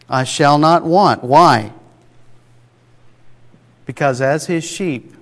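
Male preacher, mid-pitched, chatty but emphatic sermon delivery, long hall reverb. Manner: conversational, emphatic, rhetorical asides.

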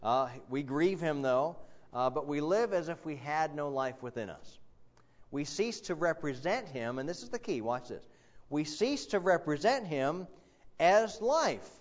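A man preaching in an earnest, emphatic way, his voice sitting a little high for a man. He works through his points with plenty of fillers and quick asides. The sound is dull and lo-fi. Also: sing-song. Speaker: pastor. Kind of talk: sermon.

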